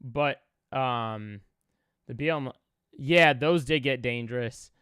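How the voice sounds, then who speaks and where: A man's voice: mid-range voice, takes it slowly, a bit bright, clean tone, dry recording, studio quality. A young man from Chicago, a streamer reacting to clips, talking in an emotional, rambling way with many fillers.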